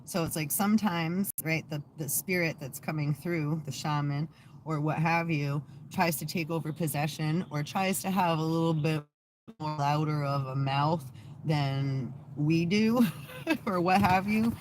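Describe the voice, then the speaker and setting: A woman's voice: sits low, measured pace, slight background noise. A woman hosting her own channel in casual vlog chat. She is sarcastic and swears freely, laughs often, and trails off into fillers and restarts. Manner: profane, sarcastic, laughs a lot. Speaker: channel host.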